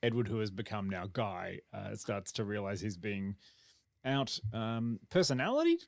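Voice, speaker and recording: A man hosting a podcast, talking in a rambling, halting way full of restarts. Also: lowish voice, sing-song, vocal fry, no echo, clean studio sound. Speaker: podcast host. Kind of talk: casual chat.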